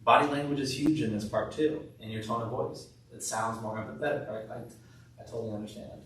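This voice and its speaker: A man leading a sales training session, acting out calm, empathetic lines he uses with patients. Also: medium pitch, brisk, slight background noise. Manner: demonstrates scripted patient talk, soft empathetic tone. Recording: echoey room from far off.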